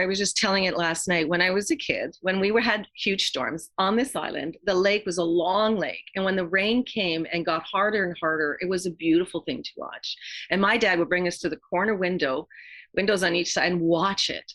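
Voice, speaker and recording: A middle-aged woman speaks as a podcast guest at a mid-range pitch. Her talk is earnest and heartfelt, with frequent pauses and restarts as she gathers her thoughts. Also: a bit bright. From Quebec, Canada. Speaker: yoga therapist guest. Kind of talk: reflective podcast interview talk.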